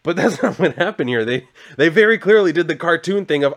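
A man casually recapping a comic issue, rambling and sarcastic, with frequent swearing and flatly read character lines. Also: a little high, brisk. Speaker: comic book reviewer.

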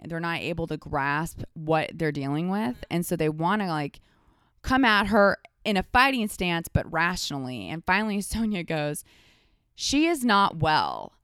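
A woman with a somewhat low, smooth and resonant voice talks as a podcast guest, recapping stories in an animated, rambling way full of "like" fillers. The sound is close and dry. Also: dry recording. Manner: animated storytelling, many "like" fillers. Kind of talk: casual chat.

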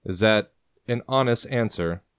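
A man doing a reckless young colonial killer, deep low voice, calm and chilling, speaking in a dry close room. His threats come out slow and even, and his words to his uncle stay steady. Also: clean tone, no room sound, close to an everyday voice. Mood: cold menacing. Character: young male colonial assassin, cold and reckless.

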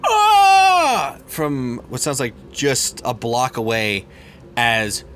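A man's voice: medium pitch, steady tone, slow, sharp tone, a little hiss or hum. A man narrating a tabletop role-playing game as game master, rambling with many fillers and restarts.

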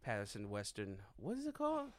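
Animated man telling a profane story. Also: medium pitch, brisk. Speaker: podcast co-host. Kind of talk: casual storytelling chat.

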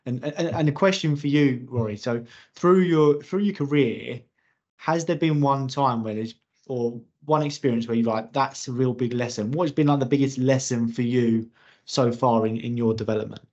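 A man's voice: medium pitch, normal speed, darkish tone. A man hosting a casual interview, affirming his guest and often restarting his words. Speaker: podcast host. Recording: slightly dull lo-fi sound.

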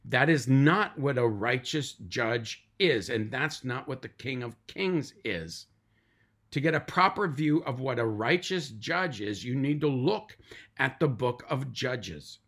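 A man's voice: medium pitch, animated, a little slow, a bit bright. A middle-aged man, a pastor, giving an emphatic podcast sermon and repeating lists of words for weight.

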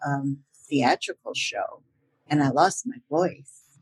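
A woman's voice: extremely low pitch, lively intonation, slow, husky. An older woman voice actor chatting as an interview guest, laughing often and using many fillers. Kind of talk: casual interview chat.

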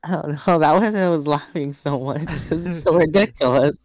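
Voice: medium pitch, normal speed, darkish tone. A podcast co-host in casual chat, mostly giving short replies and laughing.

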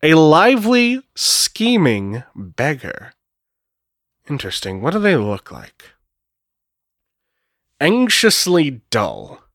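A man narrates a solo tabletop role-playing game and thinks aloud in a casual, unhurried way, swearing here and there. His voice sits at a middle pitch. The sound is dry and close. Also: fairly bright tone, no room sound. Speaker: game master.

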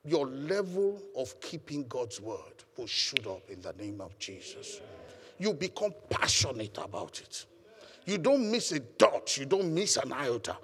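A man's voice: medium pitch, sing-song, measured pace, fairly bright tone, big-room sound. A man preaching a sermon as pastor, emphatic and calling on the congregation to respond. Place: church hall.

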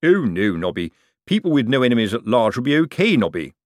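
A man's voice: mid-range voice, big pitch swings, a little fast, dry recording, studio quality, lightly acted. A man doing a pompous know-it-all police sergeant. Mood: lecturing. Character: middle-aged police sergeant, pompous and gloomy.

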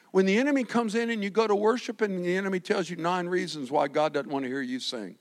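A pastor preaching a lively sermon, acting out the quotes he reads and swinging from shouts to quiet asides. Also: high-pitched, quick pace, few pauses. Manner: animated, swings from shouting to soft, acts out quotes.

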